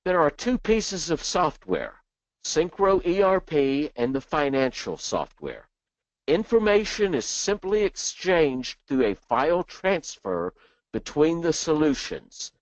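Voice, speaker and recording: A man presenting a software training webinar in a chatty way, dropping joking asides between explanations. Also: fairly high pitch, no room sound. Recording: dull dry lo-fi sound.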